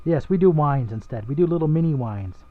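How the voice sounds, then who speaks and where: A man's voice: on the high side, lively intonation, fairly quick. A young man co-hosting a casual gaming podcast, playful and teasing. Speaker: podcast co-host. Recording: tinny phone-like line.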